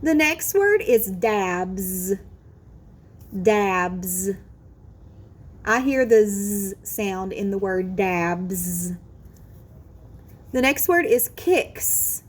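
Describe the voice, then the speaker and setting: Slow, lively-voiced phonics teacher woman. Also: medium pitch. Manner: slow, clear, encouraging modelling of word sounds. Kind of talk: phonics lesson for children.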